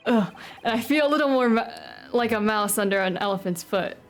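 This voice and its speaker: A woman's voice: mid-range voice, lively intonation, measured pace, faint music behind. A woman streaming a game, chatting casually, giggling often and swearing offhandedly while she fusses about her own performance. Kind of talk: casual gaming commentary.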